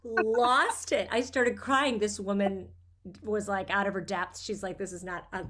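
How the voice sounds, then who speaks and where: A woman's voice: mid-range voice, moderate pace, fairly bright tone, slight background noise. Middle-aged woman, chatty guest, candid and emotional storytelling about her kids. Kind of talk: casual chat.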